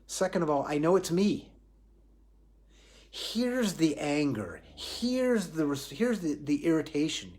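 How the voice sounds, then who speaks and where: A man's voice: on the high side, very animated, takes it slowly, a little mellow. A man giving a live spiritual talk on responsibility in a reflective way, often restarting phrases and asking himself questions aloud. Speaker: spiritual teacher.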